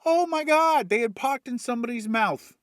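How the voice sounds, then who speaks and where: A man retelling a movie plot as comedy, animated and full of swearing, jumping in and out of voices. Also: very high voice, moderate pace, no echo, studio quality. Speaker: comedic storyteller.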